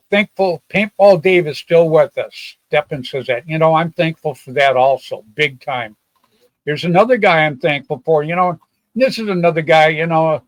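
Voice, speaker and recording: A man's voice: on the high side, dry recording, rough recording. An older man hosting a casual live-stream chat, rambling and folksy, often repeating himself. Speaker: show host.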